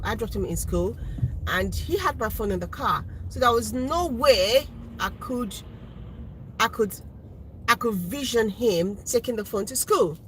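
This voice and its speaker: A woman's voice: medium pitch, a bit bright, slight background noise, poor audio. A woman speaking as a mother, earnestly recounting a family episode in casual storytelling with many restarts. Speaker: parent telling a story.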